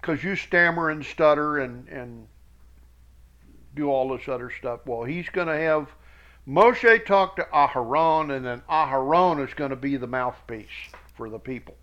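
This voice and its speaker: A man teaching scripture verse by verse, reading each verse slowly with emphasis and adding quick asides. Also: a little high, a bit bright, dull audio. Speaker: Bible teacher.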